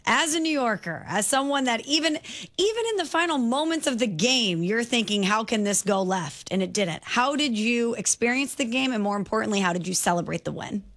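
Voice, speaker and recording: A woman's voice: a little high, animated, a little fast, a bit bright. A woman hosting a casual interview, asking questions in an upbeat, conversational way. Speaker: host.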